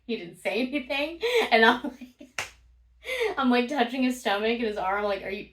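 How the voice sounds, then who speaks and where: A woman's voice: on the high side, lively intonation, moderate pace, a bit bright. A woman vlogger telling casual stories, blunt and profane, laughing often as she talks. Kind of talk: casual storytime monologue. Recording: roomy, from a distance.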